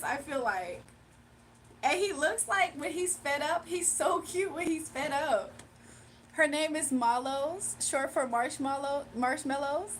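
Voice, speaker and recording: A young woman chats loosely with her livestream viewers in a high, lively voice, gushing and laughing as she goes. She sits a bit back from the mic, with a faint hiss of background noise. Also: takes it slowly, distant mic. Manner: chatty and bubbly, gushing and laughing often. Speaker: livestream host. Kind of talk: casual livestream chat with viewers.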